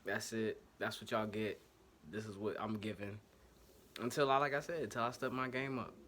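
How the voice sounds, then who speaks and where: Ohio-accented male host, low-leaning, bright edge, slangy, one-take fan talk, casual and rambling. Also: fairly even intonation, normal speed, slight background noise. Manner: loose, slangy, self-correcting and apologetic about technical trouble. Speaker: sports podcast host. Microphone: home setup, single take.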